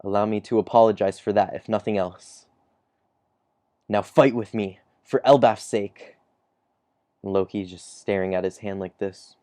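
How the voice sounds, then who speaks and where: Man, low mellow voice, dry close sound; casual recap reader who chuckles and trails off. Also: fairly even intonation, normal speed, pauses often, no echo. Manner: chuckles often, trails off mid-sentence. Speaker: comic chapter reviewer. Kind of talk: casual recap reading dialogue aloud.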